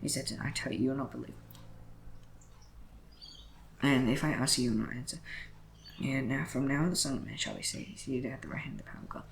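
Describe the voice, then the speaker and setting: A man reading scripture aloud in a brisk way, often slipping and correcting himself as he goes. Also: medium pitch, vocal fry, a little hiss or hum, low-quality recording. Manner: brisk reading with frequent slips and self-corrections. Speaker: Bible reader.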